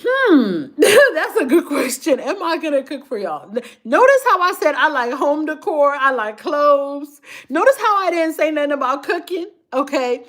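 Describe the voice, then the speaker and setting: A middle-aged woman chats through a live viewer Q&A in a fairly high voice. She laughs easily and swings from excited high squeals to quiet, low asides. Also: normal speed. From daughter of immigrant parents, living in the Baltimore area. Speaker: lifestyle and fashion creator. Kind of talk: live Q&A chat, reading viewer comments.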